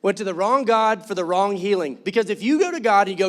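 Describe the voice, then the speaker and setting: A man's voice: sits high, lively intonation, fairly quick, few pauses, a bit bright. A man preaching in church, conversational and joking, acting out quoted voices. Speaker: pastor. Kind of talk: sermon.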